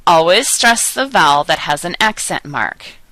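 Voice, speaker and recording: Female instructor, lower voice with a crisp bright edge, dry close sound, patient and explanatory. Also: expressive, no echo, poor audio. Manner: patient, explanatory, slows to enunciate example words. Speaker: Spanish teacher. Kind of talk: recorded classroom lecture.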